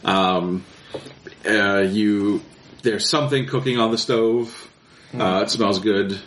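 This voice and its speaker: A man narrating a tabletop game as game master, relaxed and halting, with many fillers. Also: on the low side, reverberant, slight background noise.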